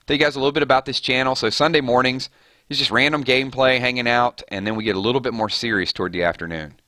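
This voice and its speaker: A man hosting a casual gaming live stream, chatting loosely with viewers and giving shout-outs, his voice a little hoarse. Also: medium pitch, quick pace, dry recording. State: slightly hoarse. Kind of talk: casual live-stream chat over gameplay.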